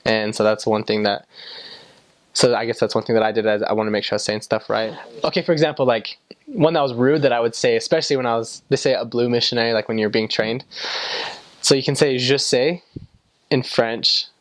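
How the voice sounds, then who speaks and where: A man's voice: medium pitch, steady tone, brisk, dry recording. A young man from the United States, a former missionary, answering interview questions in a chatty way with lots of fillers.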